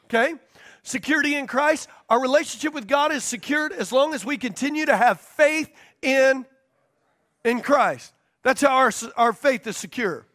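A pastor teaching a sermon, stressing key points by repeating them and checking in with the congregation. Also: male voice, extremely high pitch, moderate pace, a bit bright.

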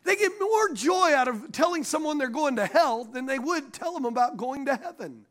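Pastor preaching, really high voice that jumps around a lot, keeps asking the crowd stuff. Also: male voice, moderate pace. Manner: animated preaching with call-and-response questions to the congregation; laughs at his own stories and stumbles over restarts. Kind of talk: sermon.

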